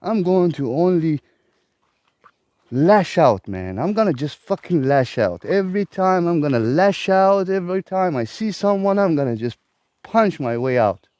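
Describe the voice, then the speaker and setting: A man's voice: fairly high pitch, very animated, a little slow, darkish tone, no echo. A man who hosts a self-help vlog, delivering a profane, exasperated ranting monologue. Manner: profane, emphatic, exasperated rant.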